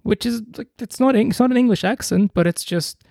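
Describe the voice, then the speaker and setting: A man's voice: extremely high pitch, brisk, gravelly, a little mellow, no room sound, studio quality. A man from Egypt hosting a podcast. He chimes in with short, curious questions. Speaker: podcast host. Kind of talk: casual interview.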